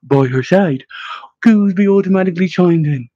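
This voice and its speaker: Give me a man narrating an audiobook in a mellow, husky voice. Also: high-pitched, brisk, no echo, dull audio. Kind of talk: scripted narration.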